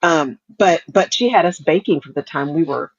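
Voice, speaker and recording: Husky chatty woman co-host. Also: low-pitched, lively intonation, moderate pace, no echo, lo-fi sound. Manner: chatty, laughs often, restarts. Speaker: podcast co-host. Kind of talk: casual chat.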